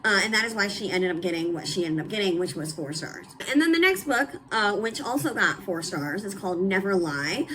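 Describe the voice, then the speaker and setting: A young woman talks through her recent reads in a casual chat. Her voice is bright and forceful, and she is blunt and emphatic, with plenty of "like" and "um". A faint hiss sits under her voice. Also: medium pitch, very animated, brisk, hardly any pauses, rough recording. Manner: blunt, emphatic and candid, with frequent "like" and "um". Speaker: book reviewer. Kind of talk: casual book review chat.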